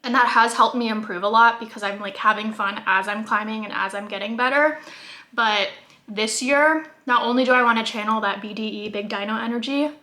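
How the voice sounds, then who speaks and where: A young woman with a bright, fairly high voice talks casually to the camera at home. She chats loosely, full of "like" fillers, eating as she goes. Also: steady tone, fast talker, hardly any pauses. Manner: chatty, many "like" fillers, laughs while talking; talking while eating. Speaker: vlogger. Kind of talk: casual vlog talk to camera.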